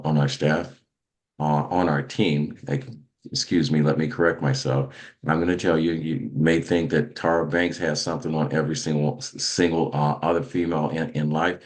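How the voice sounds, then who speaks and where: Very deep-voiced man hosting a motivational show. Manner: preachy, emphatic, with many restarts. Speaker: host. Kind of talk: motivational podcast talk.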